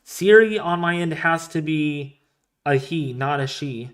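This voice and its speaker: Chatty, excitable male weather streamer. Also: a little high, a little slow, clear, resonant tone. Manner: chatty, excitable, rambling asides. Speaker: weather livestream host. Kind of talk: casual live-stream weather commentary.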